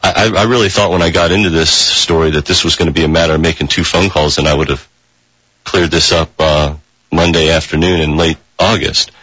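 Deep-voiced guy with a husky edge, stop-start radio guest, dry sound. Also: fairly even intonation, a bit bright, dry recording, muffled recording. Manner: halting, many fillers and restarts. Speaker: reporter guest. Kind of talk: radio interview.

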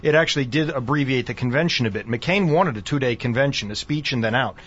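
A man's voice: medium pitch, lively intonation, fast talker, a bit bright, slightly rough. A man, a professor and author, explaining political strategy fluently as a radio guest. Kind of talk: casual political discussion. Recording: dull lo-fi radio broadcast.

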